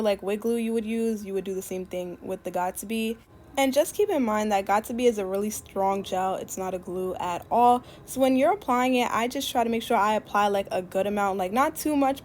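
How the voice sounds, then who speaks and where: A young woman giving a casual voice-over for a wig tutorial, talking fast and packing in "like" and other fillers. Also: medium pitch, a little mellow. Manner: chatty, fast, many "like" fillers. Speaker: beauty YouTuber. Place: home, voice-over recorded separately.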